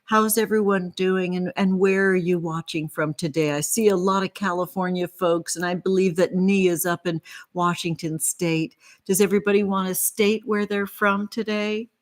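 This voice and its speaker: A woman's voice: fairly low pitch, a little slow, creaky. Female tarot reader and livestream host, chatty and affectionate with her viewers. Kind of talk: casual livestream tarot reading.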